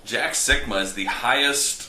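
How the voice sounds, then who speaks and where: A man's voice: medium pitch, measured pace, pushed and bright, roomy sound. A man co-hosting a sports podcast, chatting casually and easygoing as he rattles off team statistics. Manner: stat-heavy, easygoing, chuckling. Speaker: podcast co-host.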